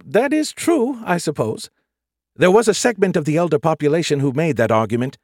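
A man's voice: fairly high pitch, lively intonation, fairly quick, a little mellow, no room sound, clean studio sound, voice pushed up. A man voicing a snarky, dramatic male AI with a tiny hologram avatar, whiny and exasperated. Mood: explaining, defensive.

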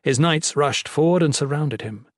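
A man's voice: on the high side, moderate pace, dry recording, studio quality. Man narrating a fantasy audiobook.

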